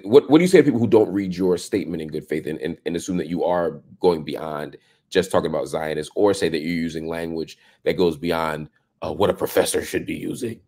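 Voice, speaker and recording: A man with a very low voice hosts an interview. He asks probing questions that press his guest to answer the hardest criticism. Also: a little mellow. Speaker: host.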